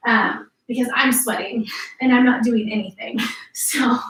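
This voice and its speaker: A woman fitness instructor with a fairly high, gravelly, fairly bright voice coaches a workout class at normal speed. She's upbeat and encouraging as she cues each move, sometimes out of breath. She's in an indoor home workout space, recorded with a distant mic and roomy echo.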